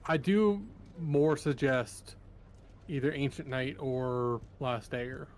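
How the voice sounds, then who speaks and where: A man in casual gameplay chat as a co-player, relaxed and offhand, with lots of "like". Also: medium pitch, slow pace. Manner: relaxed, offhand, uses "like" a lot.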